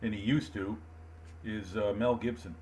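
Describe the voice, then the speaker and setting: A man's voice: on the low side, fairly even intonation, normal speed, noisy background. A man joining a casual livestream as a guest, friendly and joking.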